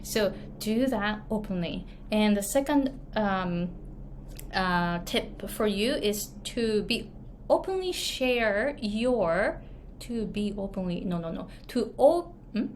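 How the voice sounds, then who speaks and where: This online business and pronunciation coach, who has a Japanese accent, speaks slowly to the camera with lively intonation at a medium pitch. Her advice comes as casual, chatty storytelling, heavy on fillers and tag questions, with slight background noise.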